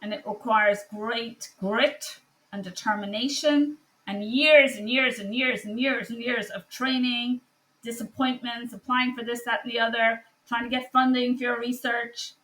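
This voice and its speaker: A woman physician speaking a personal commentary monologue, passionate and emphatic with frequent pauses. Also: a little high, steady tone, fairly bright tone. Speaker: physician and online course teacher.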